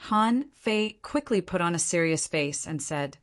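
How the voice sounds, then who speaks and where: Low-voiced woman reading an audiobook. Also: expressive, a little slow, hardly any pauses. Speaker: audiobook narrator. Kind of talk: scripted narration.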